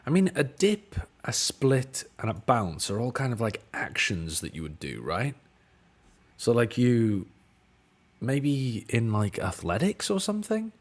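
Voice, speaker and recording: British guy streaming, muttering through word puzzles, slow and drawn out, voice bouncing up and down, swears when stuck. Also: mid-range voice, sing-song. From United Kingdom. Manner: thinking aloud, exasperated, swearing. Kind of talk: casual chat while solving word puzzles.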